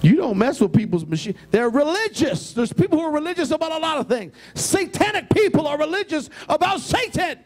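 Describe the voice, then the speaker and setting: A male pastor preaching a sermon in a notably high voice. He swings from soft, quiet asides up to loud, shouted emphasis, full of feeling. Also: big pitch swings, a little fast, hardly any pauses.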